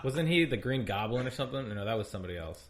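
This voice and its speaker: A man's voice: medium pitch, animated, rapid-fire. Laid-back, crude male podcast co-host. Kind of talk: casual comedy chat.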